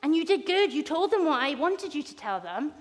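A gentle, reassuring God, as a woman puts him on, speaking with earnest patience and lively, rising warmth in her high voice. Long reverb from a church hall trails every phrase. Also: brisk. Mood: tender.

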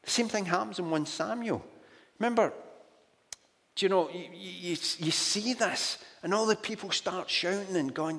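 A man's voice: high-pitched, moderate pace, gravelly, a bit bright. A Scottish man preaching a sermon in a storytelling way, often adding "do you know" asides. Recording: long hall reverb.

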